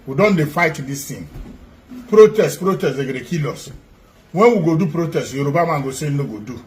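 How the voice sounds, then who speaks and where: A man's voice: fairly high pitch, lively intonation, fairly quick, a little mellow. A man with a Nigerian Pidgin accent, an activist making an emphatic, repetitive appeal.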